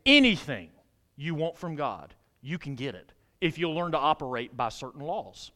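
A man preaching a sermon to a congregation in a church, with animated delivery that rises to emphatic peaks and drops low, and frequent questions put to the listeners. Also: normal speed. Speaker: pastor.

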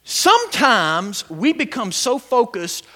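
A pastor preaches with a high, animated voice that swings widely in pitch. His tone is bright and ringing, and he climbs into shouts as he builds his points, stammering through restarts along the way. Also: slow. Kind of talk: sermon.

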